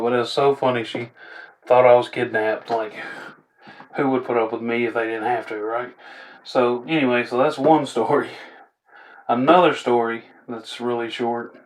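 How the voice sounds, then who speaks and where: A man's voice: mid-range voice, steady tone, normal speed. A young man, telling funny stories in a rambling, laid-back way with chuckling asides. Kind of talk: casual storytelling.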